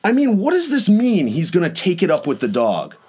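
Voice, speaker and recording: A young adult man hosting a casual chat, retelling a neighbor dispute with animated, dramatic delivery. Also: brisk, breathy edge. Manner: animated, dramatic retelling with rising pitch on quotes. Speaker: host.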